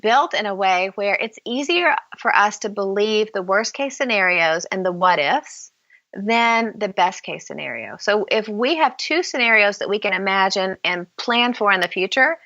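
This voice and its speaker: A woman guest with a bright, forceful tone tells candid stories and acts out the voices of remembered conversations. She speaks as an author in a podcast interview. The recording is dry and somewhat dull. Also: medium pitch, expressive, moderate pace, no echo. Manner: candid storyteller, acts out dialogue.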